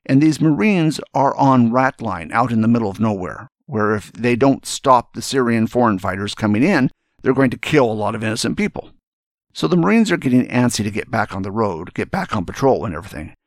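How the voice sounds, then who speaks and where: A man's voice: mid-range voice, animated, brisk, dry recording, studio quality. An older man, a retired general, telling a story and giving earnest, emphatic advice in a speech to young students.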